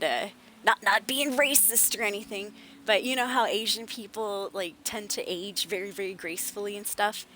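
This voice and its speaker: Slight background noise accompanies a young adult woman's mid-range voice as she streams a game. Chatting casually, she spins animated stories and voices the people she quotes.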